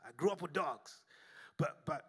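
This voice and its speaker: A pastor who grew up in Africa preaching a sermon, telling lively stories and then dropping to soft, hushed tones. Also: male voice, fairly high pitch, normal speed, husky. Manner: animated storytelling, swinging to soft and hushed.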